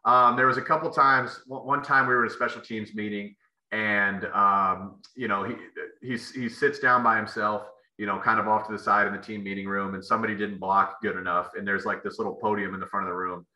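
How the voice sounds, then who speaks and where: A man's voice: fairly low pitch, steady tone, fairly quick, bright, forceful tone. A man, a former football player, telling rambling stories as a podcast guest, with many fillers and restarts. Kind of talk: casual storytelling interview. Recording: echoey room.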